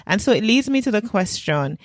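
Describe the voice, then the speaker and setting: A woman's voice: mid-range voice, sing-song, brisk, no echo, studio quality. A woman hosting a podcast interview, conversational and a little hesitant between phrases. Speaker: podcast host.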